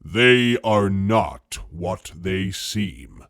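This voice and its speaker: A man voicing a huge menacing silver-furred beast that speaks slowly in a deep, growling, contemptuous voice. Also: animated, fairly bright tone, no echo, clean studio sound, full character voice.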